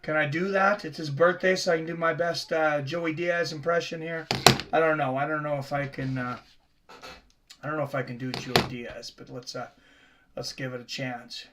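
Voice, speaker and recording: A man's voice: a little high, little pitch movement, normal speed, very noisy. A man from the Seattle area hosting a live sports reaction stream, chatting casually with viewers between plays.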